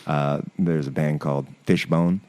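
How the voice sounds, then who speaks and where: An American man hosting a casual podcast conversation. He speaks in a very low, deep register with a warm, mellow tone. He reflects thoughtfully and backs up his guest often. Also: steady tone, a little slow, smooth. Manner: reflective, affirming listener. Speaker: podcast host.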